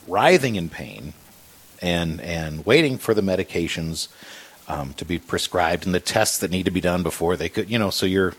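A man with a deep, husky voice recounts a hard time in his life in a faith-centered conversation. His telling is earnest and halting, full of small restarts as he gathers his thoughts. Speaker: guest sharing a personal story.

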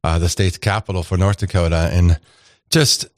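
A man's voice: deep voice, fairly even intonation, moderate pace, no room sound, clean studio sound. A man hosting a casual radio talk show, chatty and rambling with plenty of fillers and restarts.

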